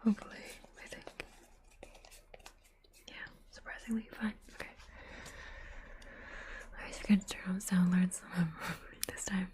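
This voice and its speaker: A woman ASMR streamer in whispered role-play, chatting softly with her viewers and giggling now and then. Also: mid-range voice, steady tone, a little slow, pauses often.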